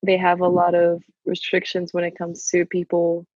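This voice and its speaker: A woman's voice: on the low side, monotone, moderate pace, a little mellow, no echo, highs cut off. A woman co-hosting a podcast, rambling casually with lots of fillers and laughter. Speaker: podcast co-host. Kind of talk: casual chat.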